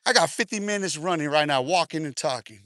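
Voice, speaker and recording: A man's voice: on the high side, animated, quick pace, fairly bright tone. A man livestreaming while out on a long walk, a bit out of breath, taunting his viewers in slangy talk and laughing often. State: out of breath from walking. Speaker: livestream host. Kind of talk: casual live stream talk while walking. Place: outdoors, walking.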